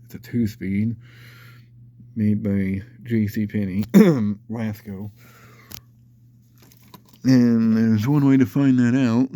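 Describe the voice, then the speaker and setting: Slow, dark-voiced congested man. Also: on the low side, fairly even intonation, no echo. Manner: rambling, easygoing, thinks aloud with fillers. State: congested, nasal from a cold. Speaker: fan collector reviewing a vintage fan. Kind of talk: casual show-and-tell vlog.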